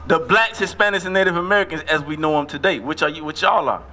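Insistent street preacher, bright voice. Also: male voice, fairly high pitch. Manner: questioning, insistent teacher, repeats scripture slowly.

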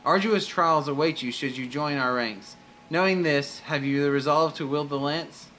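A man's voice: fairly high pitch, normal speed, fairly bright tone, slight background noise, natural voice, rough recording. A man reading the lines of a proud male guildmaster of lancers in formal, old-fashioned phrasing. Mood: stern. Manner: formal, archaic phrasing read aloud.

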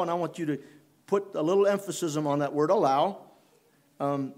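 Slightly high-voiced preacher. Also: male voice. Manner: unhurried, halting delivery with many restarts. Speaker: pastor. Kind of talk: sermon. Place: church.

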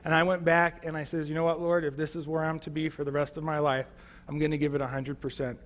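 A man, a pastor, telling his testimony to a church in a relaxed, storytelling way, with many fillers. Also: a little high, quick pace, long reverb tail. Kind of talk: sermon testimony.

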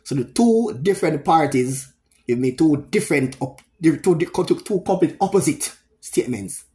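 A middle-aged Jamaican man giving solo political commentary, speaking emphatically and repeating points with frequent pauses. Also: fairly high pitch, animated, mellow. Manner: emphatic, repetitive, pausing often.

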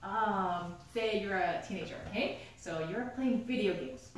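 A woman lecturer teaching a university theology class, telling stories with animated delivery, laughing often and asking the class questions. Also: medium pitch, measured pace. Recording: echoey room, mic from far off, faint hum.

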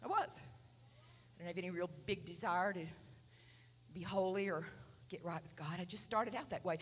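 A woman in her sixties preaching a testimony sermon in a church, dropping to hushed near-whispers and rising to fervent shouts. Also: fairly low pitch, moderate pace, long pauses, breathy edge, big-room sound. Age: 60s. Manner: breaks into speaking in tongues. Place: large church sanctuary.

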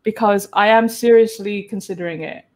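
A woman's voice: medium pitch, steady tone, normal speed, a little mellow. A woman hosting a casual live-stream chat, talking freely, laughing often and acting out her own reactions in quoted asides. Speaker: host.

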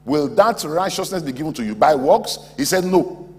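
A man preaching a sermon as pastor in a large auditorium, animated, acting out imagined church members. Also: on the high side, moderate pace, husky. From West Africa. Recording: long hall reverb, faint hum.

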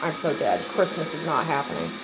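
A woman's voice: sits low, big pitch swings, fairly quick, over music. Chatty woman filming her dogs. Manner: chatty, talks to the dogs in baby talk. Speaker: dog breeder. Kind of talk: casual home video narration. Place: house, indoors.

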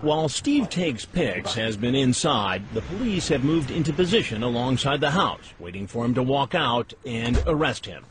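Lively higher-voiced male news narrator. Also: moderate pace, hardly any pauses, background noise. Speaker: documentary narrator. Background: clear music.

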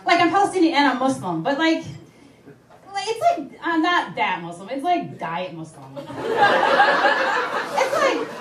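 A woman's voice: sits high, sing-song, a loud crowd. A woman comedian performing a brash, punchy stand-up set on a club stage. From United States. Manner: brash, rapid, punchy delivery with character voices. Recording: echoey club with faint noise.

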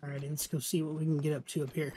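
A man's voice: fairly high pitch, flat delivery, warm tone. A man with a slightly raised voice talks through his gameplay in a casual, chatty way. He pokes fun at himself and keeps apologizing for his mistakes, and a faint hum of ambience sits under him. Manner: chatty, self-deprecating, quick to apologize. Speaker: gaming channel host.

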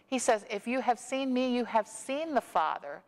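A woman pastor reading scripture and preaching a sermon in a measured, storytelling way. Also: on the high side, lively intonation, a little mellow. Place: church sanctuary. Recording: long echo of a church hall.

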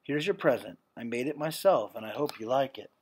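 Man voicing a quiet, subdued young girl. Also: mid-range voice, lively intonation, brisk, a little hiss or hum, natural voice. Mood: embarrassed.

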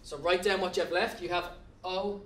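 An Irish man with a high voice teaches a grammar lesson, spelling words out letter by letter and coaxing his students to keep up. He sounds a little distant from the mic. The classroom gives his voice a roomy echo. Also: steady tone, moderate pace, a bit bright. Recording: echoey room, mic at a distance.

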